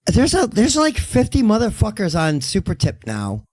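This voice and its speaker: A man co-hosting a podcast, ranting loudly and swearing, then talking himself down. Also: high-pitched, normal speed, no echo. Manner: loud, profane, ranting, then calming down. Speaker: podcast co-host. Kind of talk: profane podcast banter.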